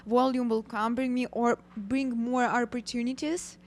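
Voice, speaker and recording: A woman's voice: fairly high pitch, steady tone, a little slow. Woman with a Russian accent, playful co-host. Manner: playful, broken English phrasing. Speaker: co-host of trading livestream. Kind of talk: casual livestream chat.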